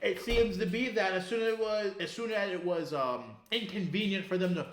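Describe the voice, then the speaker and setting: This podcast co-host has a high voice and speaks a little fast, riffing on sports in a loose, profane, animated way full of restarts. The recording sounds roomy, with a bit of hiss or hum.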